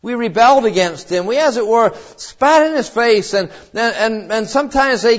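High-voiced guy preaching a sermon, earnest and gentle, kinda dull lo-fi recording. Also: lively intonation, moderate pace, few pauses. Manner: earnest, with tender quoted voices and frequent restarts.

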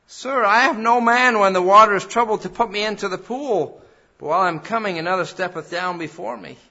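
A man's voice: high-pitched, fairly quick, creaky, sharp tone. A man preaching a sermon in an earnest way that rises to emphatic peaks. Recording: dull lo-fi sound.

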